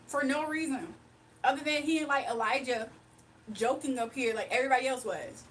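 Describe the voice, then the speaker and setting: Chatty high-voiced woman streaming live. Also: fairly bright tone. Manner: chatty, reacts to chat, laughs often. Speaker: livestream host. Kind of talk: casual livestream chat. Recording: voice from a distance with faint background noise.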